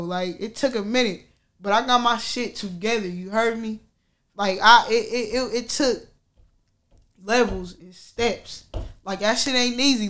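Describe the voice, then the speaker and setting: A vlogger with a fairly high pitch and fairly bright tone tells viewers about something personal. She keeps it candid and casual, slangy and profane, laughing often throughout.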